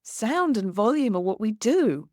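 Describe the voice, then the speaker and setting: A woman hosting a conversation, telling a lively anecdote and acting out the dialogue as she goes. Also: on the high side, a little slow, no room sound, clean studio sound. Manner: animated, acts out quoted dialogue with laughter. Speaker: podcast host. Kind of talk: storytelling in conversation.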